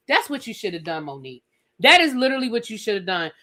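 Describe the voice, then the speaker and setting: A woman's voice: medium pitch, sing-song, fast talker, bright, forceful tone. A woman hosting a live reality TV review stream, chatty and sassy, talking straight to her viewers. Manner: chatty, sassy, addresses viewers as girl and y'all.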